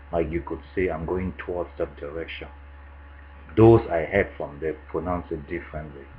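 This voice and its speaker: A man with a Cameroonian English accent, casually answering questions in a vlog, relaxed and chatty with frequent fillers. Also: deep voice, phone-quality sound, a little hiss or hum. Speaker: vlogger answering a tag. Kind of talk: casual monologue.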